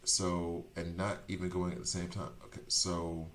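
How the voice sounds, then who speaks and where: A man streaming a video game, chatting casually and rambling as he second-guesses his choices out loud. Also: low-pitched, flat delivery, normal speed, roomy sound. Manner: chatty, rambling, self-correcting. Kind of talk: casual gameplay commentary.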